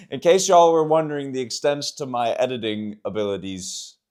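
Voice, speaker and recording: A man's voice: mid-range voice, lively intonation, moderate pace, darkish tone, smooth. A young man talking casually to camera in a fitness vlog, joking at his own expense and laughing often. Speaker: fitness vlogger. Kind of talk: casual self-filmed vlog.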